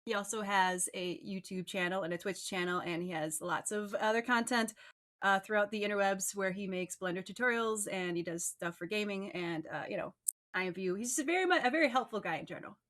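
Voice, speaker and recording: A woman hosting a casual livestream interview show, chatty and bubbly and quick to laugh. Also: medium pitch, fairly bright tone. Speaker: host.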